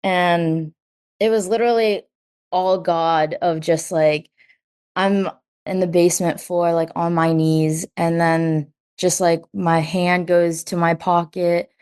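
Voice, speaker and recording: Young adult woman, low-ish pitch, chatty with constant "like", re-enacts quotes. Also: slow, smooth. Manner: says "like" constantly, quotes herself and others in lively bursts. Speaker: guest. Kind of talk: personal story in an interview.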